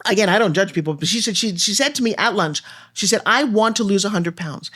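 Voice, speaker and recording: Fast-talking animated woman storyteller. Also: slightly rough. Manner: animated storyteller, acts out dialogue with big pitch jumps. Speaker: guest speaker and coach. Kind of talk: fast-paced podcast conversation.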